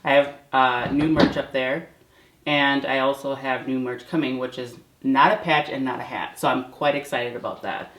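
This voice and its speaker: A woman's voice: very deep voice, steady tone, moderate pace. A woman hosting a casual home vlog, chatty and informal, often breaking off to scold her cats. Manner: chatty, frequently yelling at her cats mid-recording. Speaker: channel host. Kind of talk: casual vlog talk to camera. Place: at home, indoors. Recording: roomy home recording with faint noise.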